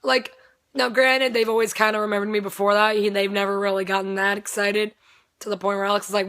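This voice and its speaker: A woman's voice: mid-range voice, steady tone, fast, fairly bright tone. A young woman with a strained voice, casually telling a rambling story, swearing freely and laughing often. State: voice strained, not at full strength.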